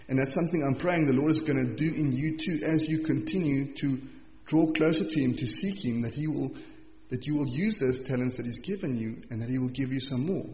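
A man preaching a morning sermon, reading scripture slowly and with emphasis, then explaining it in an earnest, conversational way. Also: medium pitch, a little mellow. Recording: echoey hall, dull sound.

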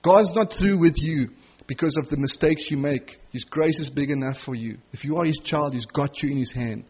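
A middle-aged man preaching a sermon with passion, rising to loud emphasis and dropping to soft, tender asides. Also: on the high side, normal speed, slightly rough, muffled recording.

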